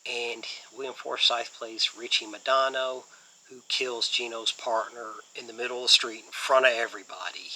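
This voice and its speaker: A man's voice: mid-range voice, steady tone, moderate pace, bright, forceful tone, poor audio. A man hosting a casual movie review channel, rambling enthusiastically with lots of fillers.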